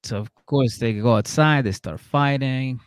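A man's voice: mid-range voice, moderate pace, clean tone, no echo, clean studio sound. A young man co-hosting a comedy podcast, profanely retelling a show and acting out the people in it. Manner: animated, profane, acts out voices while retelling. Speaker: podcast co-host. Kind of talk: casual comedic chat, recapping a reality show.

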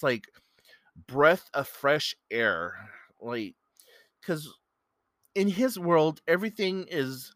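Bright-voiced man, rambling earnest podcaster. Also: medium pitch, dry recording, studio quality. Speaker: podcast host. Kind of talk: casual solo podcast storytelling.

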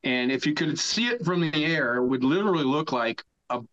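Brisk and a little high-voiced, a podcast guest in his sixties tells a long story in an animated, casual way. He swears freely and shouts what he's quoting, and the audio is dull.

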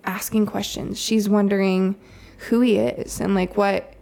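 A woman in her thirties, a mother telling a story in a relaxed, chatty way, full of "like" and soft laughs. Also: mid-range voice, unhurried, creaky. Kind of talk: casual storytelling chat.

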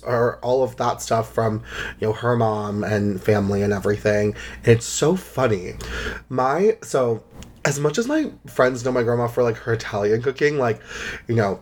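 A young man hosting a casual solo podcast, chatty and rambling with lots of "like", sometimes close to tears. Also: medium pitch. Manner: chatty, rambling, heavy use of "like". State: emotional, near tears. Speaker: podcast host.

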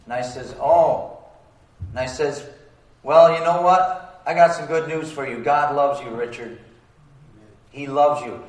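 A pastor preaches a sermon in a plain, colloquial way, asking the congregation for amens. His voice sits a little high for a man. He sounds set back from the microphone, with a roomy echo around him. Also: measured pace, long pauses. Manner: call-and-response, asking for amens. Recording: roomy sound, distant from the mic.

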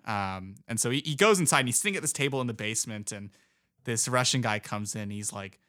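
A man's voice: on the low side, expressive, a little fast, pushed and bright, no echo, studio quality. A man casually recapping a movie plot in a chat, rambling with lots of fillers. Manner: rambling retelling with many fillers.

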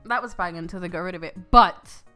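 Woman, casual podcast chat, animated and passionate, faint music behind. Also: fairly low pitch, quick pace. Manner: animated, passionate about food. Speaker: podcast co-host.

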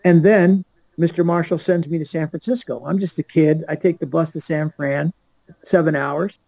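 A man's voice: fairly high pitch, steady tone, normal speed, mellow, no room sound, poor audio. An older man from Los Angeles, a podcast guest telling a long story and acting out the people in it. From Los Angeles, USA. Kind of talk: storytelling anecdote.

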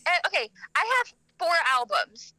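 A young woman chatting as podcast co-host, her voice high and very bright with big, swooping pitch. She talks in an excitable, exclamatory way and acts out quotes. The sound is close and dry. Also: normal speed, dry recording, rough recording. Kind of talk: casual chat.

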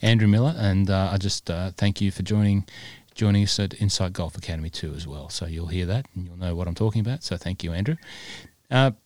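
A man's voice: low voice, fairly quick, darkish tone, no room sound. A man co-hosting a podcast in casual chat, rambling along with plenty of fillers. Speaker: podcast co-host.

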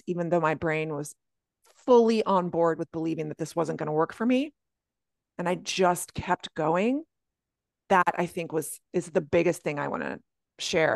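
A woman guest coach talking earnestly on a podcast, often jumping into a high voice when she quotes her own thoughts. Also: vocal fry, no room sound, studio quality. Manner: earnest, animated, often slipping into high quoted self-talk. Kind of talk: reflective podcast conversation.

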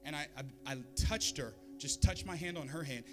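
A man preaching to his congregation, slightly higher-pitched than most men, telling a story and switching into animated voices for the people in it. Music plays clearly underneath his sermon. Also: normal speed. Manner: storytelling with lively voiced quotes and humor. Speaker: pastor.

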